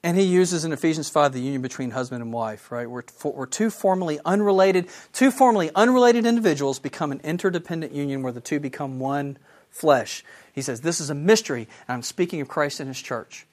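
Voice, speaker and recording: A man teaching a Bible lesson, enthusiastic and animated, asking his listeners questions. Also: fairly high pitch, a little fast. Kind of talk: sermon.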